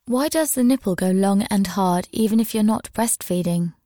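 A woman voicing a commanding, smug male university lecturer in an audio story, speaking calmly and instructively. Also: mid-range voice, moderate pace, no room sound, studio quality, lightly acted.

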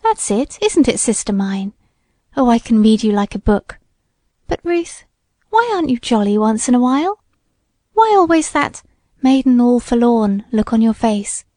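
A woman voicing a lively, teasing teenage girl in a storybook reading, bubbly and sing-song. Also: a little high, normal speed, dry recording, clean studio sound. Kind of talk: audiobook character voice.

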